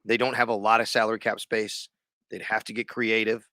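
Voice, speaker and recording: A man's voice: lowish voice, flat delivery, a little fast, bright, forceful tone, no echo. A man hosting a sports podcast, also a radio host, who talks in a rambling, loose, conversational way. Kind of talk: casual sports podcast chat.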